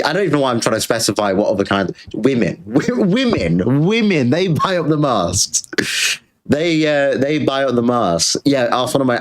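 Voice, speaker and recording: British male streamer, sarcastic crude rant, mid-pitched voice. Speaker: streamer host. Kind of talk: livestream rant.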